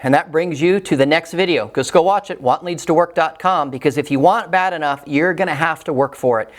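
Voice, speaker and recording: A man's voice: fairly high pitch, brisk. A man giving an earnest, encouraging motivational talk straight to the camera, telling a personal story. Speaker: motivational speaker.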